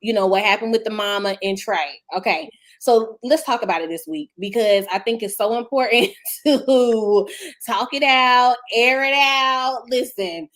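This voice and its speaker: A woman hosts a live talk show with a casual, enthusiastic manner. Her voice sits a little high, and she keeps cheering her guest on as she sets up each question. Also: unhurried, a bit bright. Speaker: host. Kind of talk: casual interview chat.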